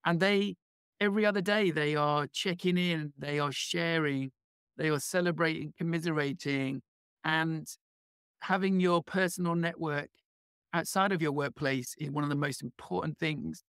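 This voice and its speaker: A man's voice: a little high, normal speed, fairly bright tone, smooth, no room sound, clean studio sound. A man with a British accent, a podcast guest explaining his work in a friendly, enthusiastic way. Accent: British English. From England. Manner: friendly, enthusiastic, fluent with small restarts. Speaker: guest, head of learning. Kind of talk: conversational interview answers.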